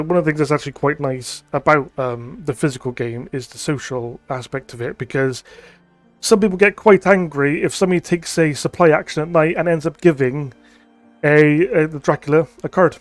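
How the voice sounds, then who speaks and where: A man's voice: on the high side, a little fast, no echo, soft background music. A man giving thinking-aloud commentary as he plays a digital board game, reading card text aloud and musing with frequent ums.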